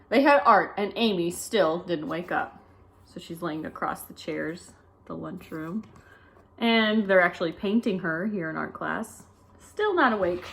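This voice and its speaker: A woman reading a children's picture book aloud, with lively delivery and chatty asides about the pictures. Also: fairly low pitch. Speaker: storybook reader.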